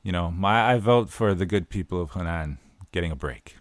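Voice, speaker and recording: A man's voice: deep voice, moderate pace, no room sound, clean studio sound. Easygoing male podcast co-host. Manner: easygoing, chatty, some fillers. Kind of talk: casual podcast chat.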